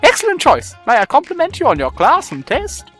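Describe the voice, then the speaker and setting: A man's voice: very high voice, huge pitch swings, fairly quick, a bit bright, faint music behind, voice pushed up, heavily acted. Brief: over-polite mock-French waiter, done by a male gamer, showy and fawning.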